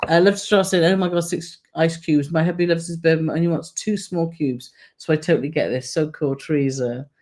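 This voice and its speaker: A woman's voice: low-pitched, steady tone, brisk, a little mellow. A woman co-hosting a travel live stream, chatting casually and reading out viewer comments with frequent laughter. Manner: chatty, laughs often, reads comments aloud.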